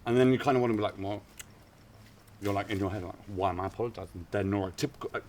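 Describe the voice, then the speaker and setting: A man's voice: on the low side, very fast, a little mellow, distant mic, slight background noise. A man co-hosting a casual mental health chat, rambling and playful in manner. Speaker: co-host.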